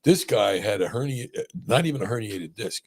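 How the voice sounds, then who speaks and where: A man hosting a casual podcast conversation as a spine surgeon, telling animated stories and often checking in with "right?". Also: lowish voice, normal speed, husky. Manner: animated storyteller, many restarts and "right?" checks.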